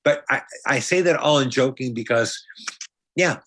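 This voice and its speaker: A man's voice: medium pitch, moderate pace, a bit bright, a little hiss or hum. A man from upstate New York, a comedian and magician talking as a podcast guest, rambling and joking with frequent restarts. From Brighton, Rochester, New York. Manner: rambling, jokey, with many restarts and playful asides. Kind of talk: casual conversation.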